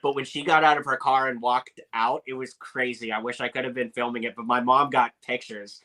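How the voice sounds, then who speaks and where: A young man telling animated anecdotes as a podcast guest, with lots of filler words. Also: medium pitch, a little fast, poor audio. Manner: animated storyteller, many "like" fillers.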